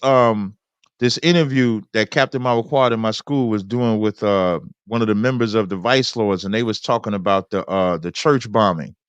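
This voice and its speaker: A man hosting a debate, reading scripture aloud and explaining it in a deliberate, preacherly way. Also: medium pitch, fairly bright tone, smooth, dry recording. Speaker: host.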